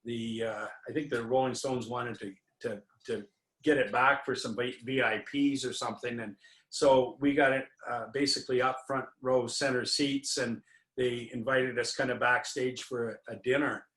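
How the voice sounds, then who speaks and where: A winery owner, appearing as an interview guest, tells a rambling anecdote full of fillers and restarts. His voice sits at a medium pitch with a steady, fairly bright tone, and he speaks at a moderate pace. The recording has a roomy echo.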